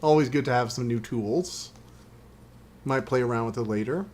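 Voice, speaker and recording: A man's voice: mid-range voice, normal speed, long pauses, darkish tone. Chatty man commentating a game stream. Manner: chatty, wry, exasperated outbursts.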